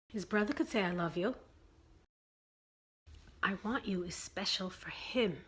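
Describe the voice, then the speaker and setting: A woman delivers relationship advice in a husky, breathy voice. She speaks emphatically, hammering her key phrases again and again. Her pitch sits in an ordinary middle range. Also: unhurried. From Brooklyn, New York. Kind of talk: advice monologue.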